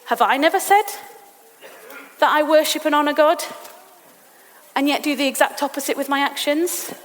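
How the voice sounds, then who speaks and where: Animated English woman preaching in an echoey hall. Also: high voice. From England. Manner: animated, rising to exasperated outbursts when reading characters. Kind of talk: sermon. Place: church meeting in a school hall.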